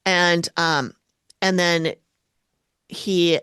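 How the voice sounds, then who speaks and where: A woman with a lowish voice co-hosts a podcast in relaxed, chatty recap talk. She quotes people with sudden jumps in pitch. The recording is dry, with no room sound. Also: extremely slow, smooth, dry recording. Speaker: podcast co-host. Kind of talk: casual recap chat.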